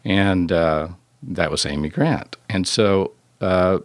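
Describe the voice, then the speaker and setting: A lower-voiced man in his sixties tells long, rambling stories about his early studio days, laughing at himself and restarting sentences. The sound is dry and close, with no room around it. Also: slow, no room sound. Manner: rambling, self-deprecating, restarts often. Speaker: guest record producer. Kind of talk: storytelling interview.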